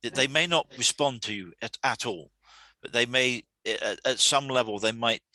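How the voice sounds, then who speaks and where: A man hosting a weekly talk series, explaining calmly in a halting way, often repeating words and restarting. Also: medium pitch, no echo. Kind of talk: solo talk to camera.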